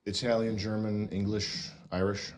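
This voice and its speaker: A man's voice: fairly low pitch, level tone, normal speed. A man who is a podcast guest, questioning bluntly and confrontationally.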